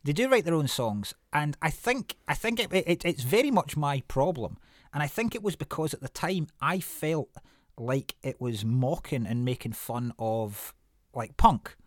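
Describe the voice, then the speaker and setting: A man hosting a casual podcast chat, telling rambling, animated stories with plenty of swearing and restarts. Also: on the high side, a little slow, dry recording, clean studio sound. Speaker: podcast host.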